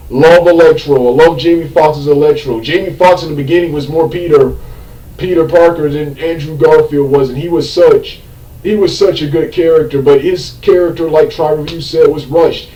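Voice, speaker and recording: A fairly high-pitched man with a mellow tone rants through a movie review, repeating himself, trailing off and filling gaps with ums. He bursts into fed-up outbursts now and then. His voice sounds set back from the mic in a roomy, echoing space. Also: recorded from a distance. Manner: rambling and repetitive, loses his train of thought, many filler ums; exasperated outbursts. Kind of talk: unscripted movie review rant.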